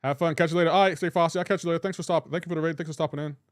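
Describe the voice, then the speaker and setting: A man's voice: fairly high pitch, steady tone, racing, dry recording. Joking male game streamer, dry sound. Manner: chatty and joking, reads out chat names and comments; playful teasing about pronunciation. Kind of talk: casual live-stream chat.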